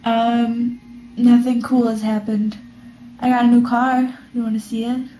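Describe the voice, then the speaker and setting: A teenage girl vlogs at home while lying on the floor, chatting to the camera in a bubbly, rambling, joking way, captured on a built-in camera mic. Her voice is fairly high with a dark tone and flat delivery at a measured pace. The sound is roomy, with slight background noise.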